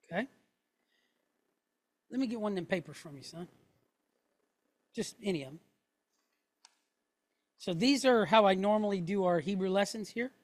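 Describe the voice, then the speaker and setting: A woman's voice: medium pitch, normal speed, pauses often, a little mellow, no echo. A middle-aged woman teaching a Hebrew class, explaining step by step and checking in with the room after each point. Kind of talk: classroom lesson.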